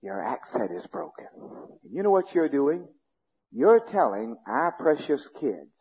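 A male pastor preaching a fiery sermon, swinging between shouting and low, intense speech, in a church sanctuary. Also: slightly rough. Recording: dull lo-fi recording with long hall reverb.

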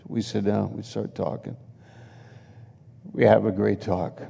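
A slow-talking preacher man with a gravelly, mellow voice tells stories from the pulpit, laughing and acting out quotes as he goes. His voice carries a long echo, as if he is in a big church hall. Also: on the low side, little pitch movement. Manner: chatty anecdotal preaching with laughs and acted quotes. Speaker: pastor. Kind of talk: sermon storytelling.

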